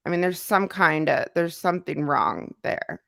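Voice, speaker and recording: A woman who is congested from a cold hosts an easygoing livestream, reading out comments in a repetitive, filler-heavy, conversational way. She speaks at normal speed in a low, animated, creaky voice with a fairly bright tone, recorded in a studio without echo.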